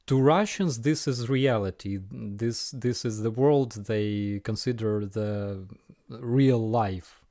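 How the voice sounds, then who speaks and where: A man with a Ukrainian accent hosting a casual live Q&A, answering viewer questions in an unhurried way with frequent ums and dry jokes. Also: lowish voice, warm tone, dry recording. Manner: unhurried, frequent ums and uhs, dryly joking.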